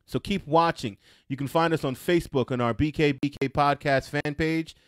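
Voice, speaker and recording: A man hosting a sports podcast in casual chat, laid-back and laughing often with quick asides, in a small studio. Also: a little high, fairly bright tone, no room sound. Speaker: podcast host.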